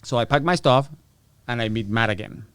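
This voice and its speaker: A man's voice: mid-range voice, lively intonation, brisk, a bit bright, clear, resonant tone, dry recording. A middle-aged man, a podcast guest, telling a story in a casual, profane way, acting out the voices of people he quotes. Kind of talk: storytelling interview.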